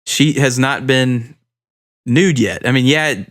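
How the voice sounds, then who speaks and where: A man's voice: medium pitch, slow, a bit bright. A man co-hosting a casual podcast chat, easygoing and casual, steering topics and swearing offhand. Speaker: podcast co-host.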